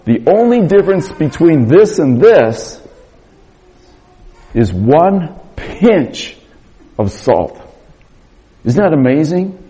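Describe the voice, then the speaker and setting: Middle-aged guy preaching, tells stories all animated, bit husky. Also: fairly high pitch, takes it slowly, pauses often. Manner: animated storyteller acting out dialogue. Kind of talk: storytelling sermon.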